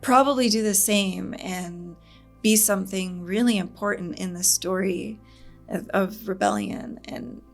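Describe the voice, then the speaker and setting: A woman's voice: mid-range voice, measured pace. A woman hosting a casual reaction video, talking in an earnest, reflective way and laughing often. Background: show soundtrack music.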